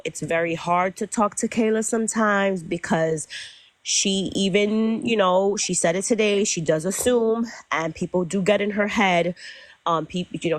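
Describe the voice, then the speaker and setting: Measured young woman hosting a live stream. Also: fairly low pitch, dry recording. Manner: measured, hedging, with many fillers.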